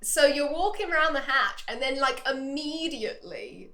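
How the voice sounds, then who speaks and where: A young woman co-hosting a comedy podcast, telling stories in an excitable, giggly way over a video call. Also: sits high, normal speed, reverberant. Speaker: podcast co-host. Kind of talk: casual comedic chat.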